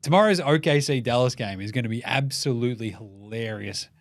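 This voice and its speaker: With an Australian accent, this comedic sports-show host rants with plenty of swearing, acting out whoever he's quoting. He speaks slightly fast in a mid-range voice, and the studio recording is clean and dry.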